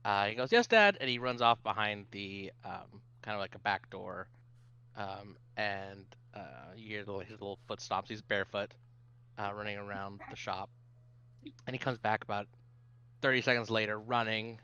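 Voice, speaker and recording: A man narrating as dungeon master of a tabletop game, pausing often with fillers. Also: fairly low pitch, steady tone, bright, forceful tone, smooth, no echo, muffled recording. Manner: hesitant, many fillers.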